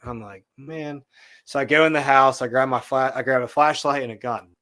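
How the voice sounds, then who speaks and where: Speaking at a normal speed in a mid-range voice, this podcast guest animatedly recounts a story. He keeps it casual and acts out the quotes of the people involved.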